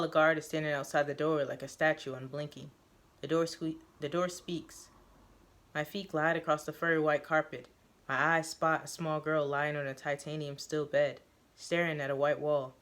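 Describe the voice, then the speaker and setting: Woman reading a story aloud, halting. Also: deep voice, steady tone, a bit bright. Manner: halting, self-correcting, with fillers. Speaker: reader of a story.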